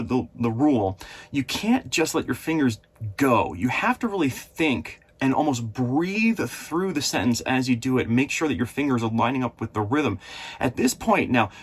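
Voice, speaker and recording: A man's voice: mid-range voice, husky. A man teaching guitar in a casual, chatty and encouraging way, recording on the road in an RV. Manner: chatty, encouraging, repeats himself. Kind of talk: casual video lesson.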